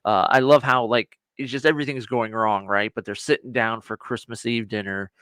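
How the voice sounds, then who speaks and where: Male co-host with an ordinary mid-range voice, easygoing and halting as he recounts scenes in a casual chat. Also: mid-range voice, fairly even intonation, fairly bright tone, smooth, no echo. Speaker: podcast co-host.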